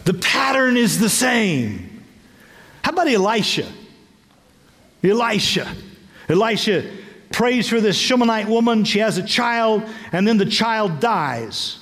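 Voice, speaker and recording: A man in his sixties, a bishop preaching a sermon with playful, animated storytelling and acted-out voices. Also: sits high, takes it slowly, pauses often, in a large hall. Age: 60s.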